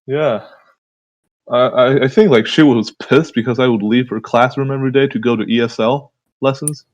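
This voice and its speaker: Laughing, swearing young co-host. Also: male voice, medium pitch, steady tone, normal speed, darkish tone, muffled recording. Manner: laughs often, swears casually, unsure. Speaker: new podcast co-host. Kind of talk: casual chat.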